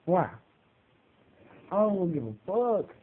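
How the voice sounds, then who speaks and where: A young man with a fairly high voice rants to his viewers, loud and mocking, his pitch leaping when he gets fired up. The sound is thin and tinny, like a phone line. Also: big pitch swings, slow pace. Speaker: vlogger. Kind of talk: casual profane rant.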